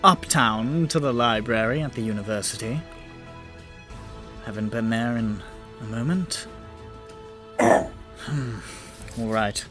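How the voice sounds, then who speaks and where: A man voicing Orin, a steady male ally leader in a tabletop game, talking calm and measured. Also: medium pitch, music in the background, pitched below the performer's own voice, lightly acted. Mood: calm resolve.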